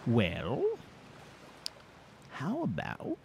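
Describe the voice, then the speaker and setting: A man plays a fussy, bookish adventurer in a video game, easily flustered and fond of prim, formal phrasing. His pitch swings widely, and his delivery is slow and drawn out. He grumbles to himself between lines. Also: wildly swooping pitch, gravelly, a little hiss or hum, exaggerated voice. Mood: exasperated. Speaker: gameplay narrator voicing his character. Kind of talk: in-character gameplay commentary.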